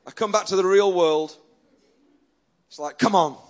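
Earnest high-voiced male pastor preaching. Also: unhurried. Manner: earnest, emphatic preaching with many restarts. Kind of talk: sermon.

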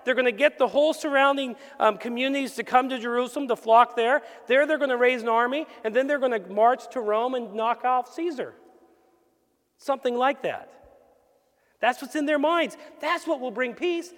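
High-voiced man preaching in a reverberant hall. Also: normal speed, fairly bright tone. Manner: earnest preaching, rhetorical questions, acts out quoted voices. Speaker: pastor. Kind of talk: sermon. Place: church sanctuary.

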